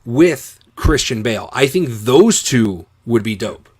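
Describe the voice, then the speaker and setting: A man co-hosting a podcast, building his points slowly and hesitantly. He often restarts his sentences in casual conversation. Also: mid-range voice, lively intonation, a little mellow, husky. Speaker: podcast co-host. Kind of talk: casual chat.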